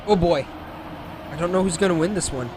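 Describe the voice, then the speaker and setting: A man casting live esports play-by-play, excitable and jokey, often correcting himself mid-sentence. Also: sits high, brisk. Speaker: esports caster. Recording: game engine and car noise underneath. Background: racing game sounds.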